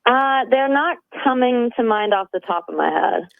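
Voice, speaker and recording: A woman's voice: on the high side, expressive, moderate pace, vocal fry, no room sound. A woman wrestling coach calling in to a radio interview, upbeat and earnest, with many "you know" fillers. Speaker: wrestling coach, phone-in guest. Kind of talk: phone interview. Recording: tinny phone line.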